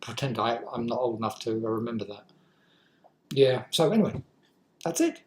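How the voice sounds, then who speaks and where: A woman's voice: extremely low pitch, normal speed, long pauses, poor audio. Rambling English woman in her sixties. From England. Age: 60s. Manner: rambling, self-deprecating, swears freely. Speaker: vlogger. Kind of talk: casual talk to camera.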